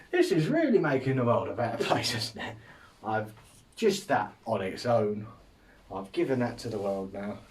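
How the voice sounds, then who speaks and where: A man's voice: lowish voice, a little mellow, recorded from a distance. Rambling, self-amused man. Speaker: podcast host. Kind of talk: casual comedic monologue.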